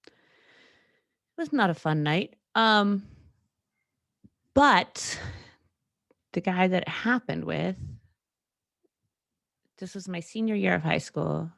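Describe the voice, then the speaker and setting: A woman's voice: on the low side, lively intonation, slow, gravelly, long pauses, a bit bright, dry recording, clean studio sound. A young woman hosting a solo podcast, talking candidly and rambling, with frequent laughs and fillers. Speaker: podcast host. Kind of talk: casual solo podcast chat.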